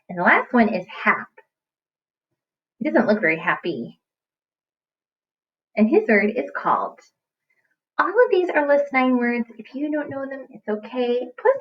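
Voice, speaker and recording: A woman's voice: a little high, big pitch swings, measured pace, long pauses, muffled recording. A woman teaching young children in a recorded lesson, talking in a playful, exaggerated sing-song way. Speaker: kindergarten teacher.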